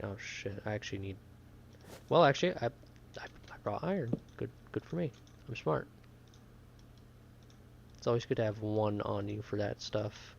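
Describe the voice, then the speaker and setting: A man's voice: on the low side, creaky, muffled recording, a little hiss or hum. A young man streaming a game, chatting casually and rambling to his viewers in a self-deprecating way. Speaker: gaming streamer. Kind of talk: casual gameplay chat with chat. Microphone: desk microphone.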